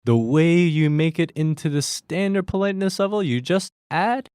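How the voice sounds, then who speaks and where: A man's voice: on the high side, normal speed, a little mellow, clear, resonant tone, no echo, studio quality. A man hosting a language lesson, explaining Korean phrases to learners step by step in a friendly way that breaks into easy laughter.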